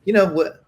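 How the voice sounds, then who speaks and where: An older man, a guest in an interview, talking casually with many restarts and fillers.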